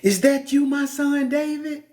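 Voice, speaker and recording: A man voicing King Saul as a falsely affectionate older king in a high, drawn-out sing-song. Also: a little mellow. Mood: mock-tender.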